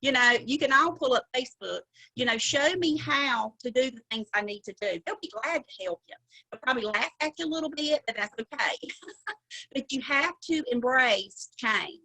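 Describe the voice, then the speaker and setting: Over a video call, a middle-aged sales director with a Southern drawl gives a chatty, folksy sales training talk, laughing often. Her voice is high, expressive and sharp-toned at a moderate pace, though the audio is poor.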